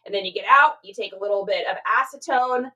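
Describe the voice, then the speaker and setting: A woman's voice: mid-range voice, fast, pushed and bright, rough recording. A woman hosting a casual livestream from home, talking through her reselling work in a rambling, chatty way and reading out viewer comments. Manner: chatty and rambling, many fillers, reads chat aloud.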